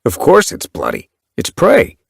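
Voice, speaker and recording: A man's voice: high-pitched, wildly swooping pitch, unhurried, vocal fry, slightly rough, no room sound, studio quality, pitched above the performer's own voice, exaggerated voice. A man doing a blunt young warrior cat. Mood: matter-of-fact. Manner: blunt, matter-of-fact.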